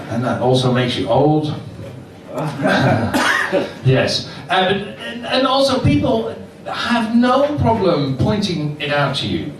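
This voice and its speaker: An older man does a stand-up comedy set in a small underground club, mocking himself and laughing along at his own jokes. His voice is a little high and swings widely in pitch. It is picked up from a distance in a very echoey room, with a steady hum of noise behind it. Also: slow pace, long pauses. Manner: self-mocking, chuckles at his own lines. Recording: echoey club mic, heard from far. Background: audience laughter.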